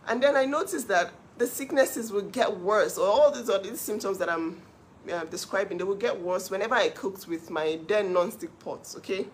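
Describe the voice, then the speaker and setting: A middle-aged woman hosting her own live stream, telling her story with animated emphasis. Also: medium pitch, normal speed, slight background noise. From Nigeria. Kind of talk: casual live-stream monologue.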